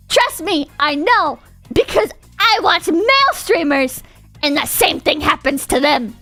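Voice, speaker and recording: Young woman, streamer, casual rant, profane, very high voice, lively pitch. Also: measured pace, soft background music. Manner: rambling, profane, ranting. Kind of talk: casual livestream chat.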